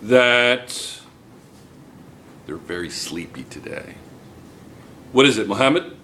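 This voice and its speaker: A man's voice: fairly low pitch, sing-song, slow pace, bright, forceful tone, slight background noise. Older man teaching chemistry, joking with the class. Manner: joking, teasing students while explaining. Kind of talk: classroom lecture.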